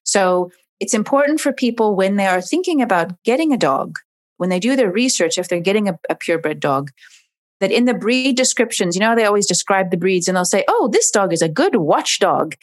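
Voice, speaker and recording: A woman's voice: medium pitch, expressive, brisk. A woman, a dog behavior expert, explaining in an interview and acting out dogs and owners in voices.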